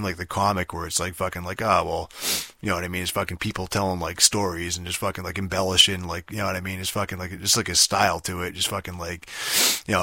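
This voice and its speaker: A man's voice: sits low, sharp tone, no echo. A young man hosting a podcast, rambling through a casual game review with constant swearing and lots of fillers. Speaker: podcast host.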